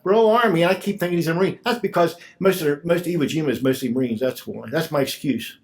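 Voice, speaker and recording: A man with a high-pitched voice emcees a fundraiser. He makes loud, pushy announcements and talks like a salesman working the crowd. He keeps calling out to people by name and urging them to buy. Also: fast. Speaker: event emcee.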